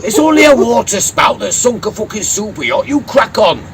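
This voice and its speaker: A man's voice: sits high, big pitch swings, normal speed, loud music behind the voice, voice pushed up. A man voicing a bluff, fearless Yorkshire boatman boss who shrugs off storms. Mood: scoffing. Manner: loud, brash, shrugs off danger.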